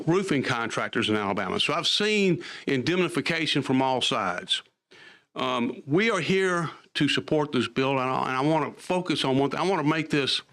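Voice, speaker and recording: Emphatic older man testifying. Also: mid-range voice. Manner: animated, emphatic explaining. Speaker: lawyer testifying at a committee hearing. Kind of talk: formal testimony.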